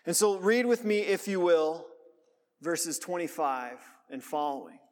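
A man's voice: fairly high pitch, animated, measured pace. A man preaching a sermon as pastor, reading scripture aloud and then explaining it in a conversational way. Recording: long reverb of a large hall.

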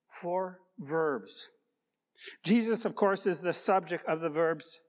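A man's voice: a little high, slow pace. A male pastor delivering a sermon, reflective and full of rhetorical questions and repeated key words. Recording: long reverb of a large hall.

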